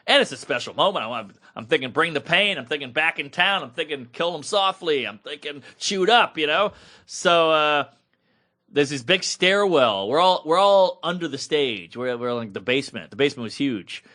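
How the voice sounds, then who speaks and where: Man, 30s, podcast co-host; bright, forceful, slightly high voice; animated, salty storyteller. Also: moderate pace. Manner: animated, swears freely, acts out quoted people. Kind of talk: casual storytelling chat.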